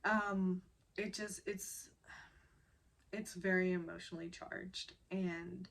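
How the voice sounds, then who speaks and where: A woman's voice: on the low side, fairly even intonation, slow pace, creaky, a bit bright. A woman recapping a drama episode in a casual, chatty way, getting emotional and holding back tears as she talks. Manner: chatty and informal.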